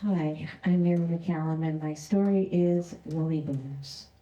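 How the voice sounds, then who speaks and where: A woman telling a personal story on stage, unhurried and deliberate. Her voice is low and very dark. A roomy hall echo hangs around every line. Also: muffled recording. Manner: slow, deliberate, present-tense narration. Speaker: storyteller, former prison librarian. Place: stage at a community arts event.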